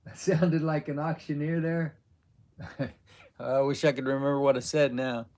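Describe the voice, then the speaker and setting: A man hosting a casual live stream, answering viewers' chat questions in a rambling, halting way with many fillers. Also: fairly high pitch, level tone, a little mellow, a little hiss or hum. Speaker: livestream host.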